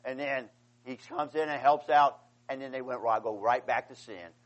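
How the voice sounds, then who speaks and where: A man preaching a sermon with passion, swinging from quiet explanation to loud, pleading outcries and calling out "amen" to his congregation. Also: mid-range voice, moderate pace, dull audio. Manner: impassioned, rising to pleading outcries.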